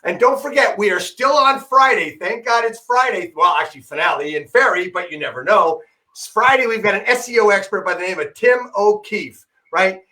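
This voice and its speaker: A man's voice: high voice, animated, normal speed, sharp tone. A man hosting a podcast over a video call, upbeat and chatty as he wraps up. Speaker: podcast host. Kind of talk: casual chat.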